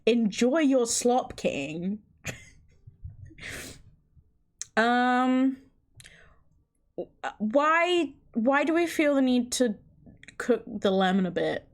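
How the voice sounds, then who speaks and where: Woman, livestreamer, casual chat, slightly high voice, unhurried pace, swears freely. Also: expressive. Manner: chatty, incredulous, frequent swearing.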